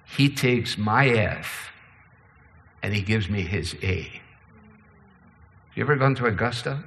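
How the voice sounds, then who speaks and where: A man preaching a sermon, shifting between slow, low passages and quicker, higher ones. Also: animated, gravelly, fairly bright tone, in a large hall. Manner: preaching with sweeping pitch and pace changes. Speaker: pastor.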